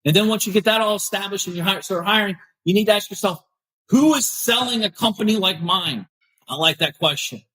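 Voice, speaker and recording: A man's voice: high voice, fairly quick, bright, forceful tone, husky, poor audio. A middle-aged man hosting a podcast, giving blunt, fired-up motivational talk and repeating phrases for emphasis. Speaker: podcast host. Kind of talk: motivational live talk, reading viewer comments.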